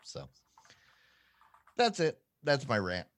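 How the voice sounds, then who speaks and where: A slightly bright male voice swoops wildly in pitch, jumping quickly up and down. He's a podcast co-host chatting casually, rambling on and running himself down.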